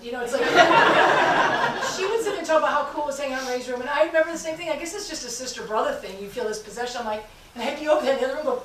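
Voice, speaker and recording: Fast-talking woman in an echoey hall. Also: high-pitched, animated, background noise. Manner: chatty, fast, laughing. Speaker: family member at a memorial service. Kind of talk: casual chat. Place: congregation hall. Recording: echoey hall from far off, with a crowd.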